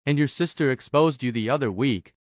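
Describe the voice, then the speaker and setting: A woman's voice: very deep voice, brisk, dry recording, clean studio sound. A woman doing crude teasing teen boy. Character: teasing teenage boy Alex. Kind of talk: Roblox roleplay voice acting.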